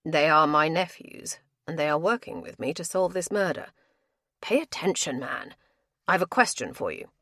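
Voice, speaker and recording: A woman reading a calm, commanding gentleman investigator with crisp formal speech. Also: low voice, normal speed, no echo, clean studio sound, full character voice.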